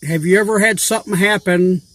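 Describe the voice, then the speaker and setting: A man's voice: high voice, fairly even intonation, brisk, a bit bright. A man talking in a chatty, rambling way with loose everyday grammar, posing questions to a fellow YouTuber. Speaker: YouTuber asking giveaway questions. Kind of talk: casual rambling vlog talk.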